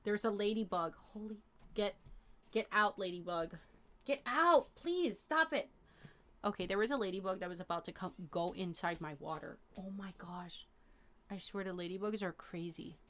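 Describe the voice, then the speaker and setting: Bright-voiced young woman chatting casually. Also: lowish voice, moderate pace. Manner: rambling and animated, lots of fillers and slang. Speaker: live streamer. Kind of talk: casual chat to a live chat audience.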